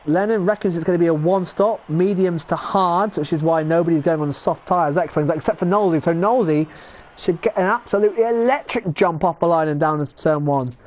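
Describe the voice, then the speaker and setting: An English man commentating live on an online sim racing league, chatty and excitable, often correcting himself. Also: on the high side, a little fast. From England. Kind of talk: live esports race commentary.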